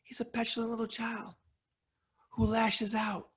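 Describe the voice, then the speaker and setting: A man's voice: very high-pitched, completely flat delivery, measured pace, a bit bright, husky. A middle-aged man with a New York accent, hosting his own show and delivering an angry, profane rant straight to his viewers. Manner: heated, cursing, blunt. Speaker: commentary show host.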